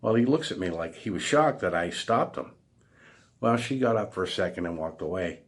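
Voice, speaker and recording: Blunt, lively low-voiced man. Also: normal speed. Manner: blunt, exasperated, salty. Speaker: vlogger. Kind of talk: casual storytelling monologue.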